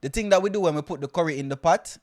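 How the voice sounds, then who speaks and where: A man's voice: fairly high pitch, racing. A Jamaican man co-hosting a podcast, chatting casually and teasingly, slipping into patois. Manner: animated, teasing, switches into patois. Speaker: podcast co-host. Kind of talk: casual chat.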